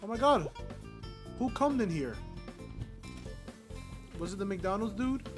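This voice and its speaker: A young man streaming a video game, talking casually in a brash, profane, jokey way that swings between muttering and loud outbursts. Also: high voice, animated, brisk, pauses often, music in the background. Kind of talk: casual live-stream commentary.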